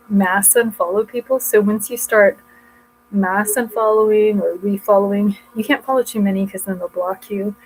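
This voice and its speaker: A woman's voice: medium pitch, a little mellow, slight background noise, poor audio. A woman vlogging at home in a casual, rambling way, often breaking off mid-thought as she shows her books. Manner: rambling, chatty, self-interrupting. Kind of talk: casual chat showing books.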